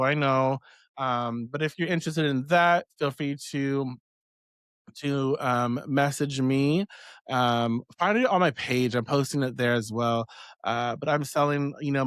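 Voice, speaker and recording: Witchcraft host, male, a bit high-pitched, loose chatty delivery with plenty of swearing, dry sound. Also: a bit bright, clear, resonant tone, dry recording. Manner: rambling, swears freely, laughs often. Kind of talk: casual live-stream chat.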